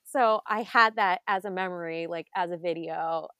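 A woman telling an excited story in casual chat, full of "like" and quoted asides. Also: on the low side, moderate pace, clear, resonant tone, no room sound.

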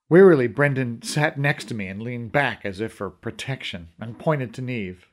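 A man's voice: medium pitch, lively intonation, normal speed. A man narrating a story in the first person, reading expressively. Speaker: audiobook narrator.

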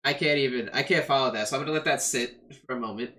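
Man, podcast co-host, bright forceful tone, emphatic questions. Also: medium pitch, quick pace. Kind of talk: casual podcast chat.

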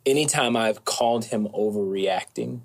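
A man speaking as an interview guest, calm and thoughtful, with occasional soft hesitations. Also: fairly low pitch, moderate pace, creaky. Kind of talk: reflective conversation.

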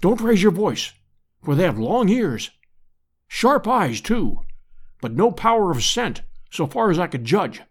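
A man's voice: sits high, big pitch swings, measured pace, exaggerated voice. Man voicing a clipped, urgent adventurer lord. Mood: tense. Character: brash, hardy English adventurer lord, middle-aged man. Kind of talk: audiobook character voice.

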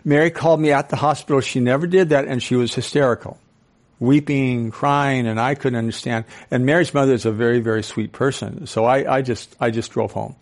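An older man in his sixties speaking to a live audience, animated, firing questions at them and telling stories with acted-out quotes. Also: mid-range voice, fairly quick.

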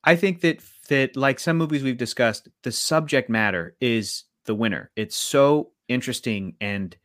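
A man co-hosting a podcast, reviewing a film in casual chat and acting out scenes in quick quoted voices. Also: medium pitch, a bit bright, no echo, clean studio sound. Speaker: podcast co-host.

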